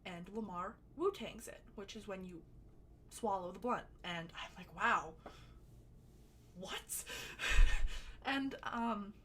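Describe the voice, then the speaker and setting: A woman's voice: medium pitch, a little slow, a little hiss or hum. Chatty woman telling a storytime. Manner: chatty and animated, with sudden loud bursts and swearing. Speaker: storytelling vlogger. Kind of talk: casual storytime.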